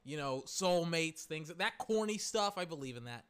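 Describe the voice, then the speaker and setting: A man chatting casually and excitably, rambling, swearing and exclaiming, his voice cracking. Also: on the high side, normal speed, smooth. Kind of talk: casual chat.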